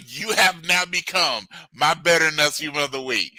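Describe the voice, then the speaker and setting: A man's voice: fairly high pitch, animated, a little fast, hardly any pauses, bright, forceful tone, no echo. A man hosting a casual online show, teasing his co-host with playful jokes. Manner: joking, playful banter. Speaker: podcast host. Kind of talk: casual chat.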